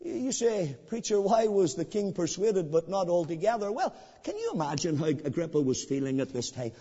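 A male preacher delivering an evangelistic sermon, swinging between hushed pleading and loud ringing emphasis, with repeated questions put to the listener. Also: high-pitched, sing-song, moderate pace, slightly rough. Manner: repetitive rhetorical questions to the listener. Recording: dull sound in a long-reverb hall.

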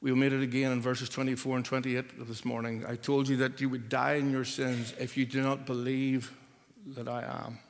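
A man preaching a sermon, emphatic and building to forceful repeated declarations. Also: medium pitch, level tone, brisk, hardly any pauses, big-room sound.

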